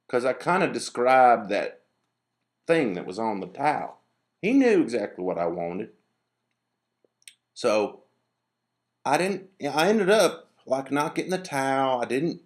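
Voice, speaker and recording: A man with a low, gravelly voice talks casually to the camera, wandering from point to point and restarting sentences as he goes. He grumbles about rudeness in a rambling, conversational monologue. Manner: meandering, digressive storytelling with many restarts and fillers. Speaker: vlogger.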